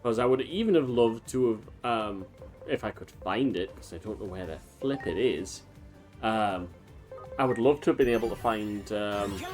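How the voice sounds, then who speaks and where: A man's voice: lowish voice, darkish tone. A man streaming a video game, chatting casually and wandering off into long tangents full of fillers. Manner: rambling, talks in long tangents with many fillers. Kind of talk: casual let's-play commentary. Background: faint game music.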